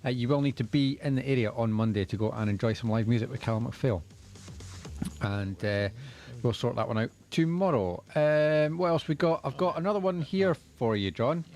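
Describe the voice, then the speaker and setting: A man on a live radio show reading out listener messages in a low-key, matter-of-fact way. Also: moderate pace, darkish tone. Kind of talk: casual live radio chat.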